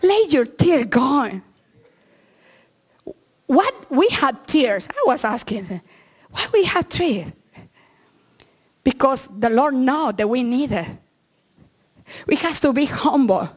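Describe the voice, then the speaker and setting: A middle-aged woman pastor, not a native English speaker, preaching a sermon in earnest, halting English with frequent restarts. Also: sits high, expressive, slightly rough.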